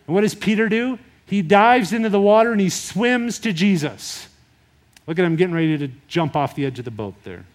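A man preaching a sermon in a conversational, animated retelling style. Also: sits high. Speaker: pastor.

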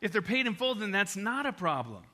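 An older man preaching with a bright, forceful voice that sits a little high for a man. He talks conversationally and with animation, weaving personal stories into a sermon. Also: big pitch swings, a little fast. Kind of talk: evangelistic sermon.

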